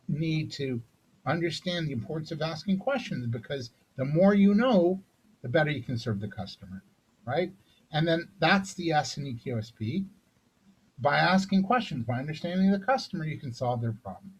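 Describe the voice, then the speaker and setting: Male business coach, fairly high husky voice, conversational seminar delivery with frequent tag questions. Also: rough recording. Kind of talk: recorded sales seminar talk.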